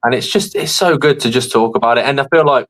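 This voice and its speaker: A man guesting on a phone-in chat, warm and rambling. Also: medium pitch, fast talker. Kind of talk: casual chat.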